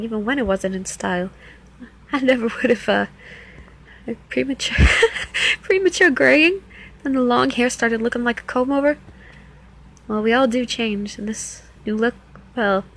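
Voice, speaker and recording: A woman's voice: on the high side, fairly bright tone, low-quality recording. A woman playing a teasing New Jersey club dancer. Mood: startled, awkward. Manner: playful, teasing, coaxing. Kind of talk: first-person audio role-play.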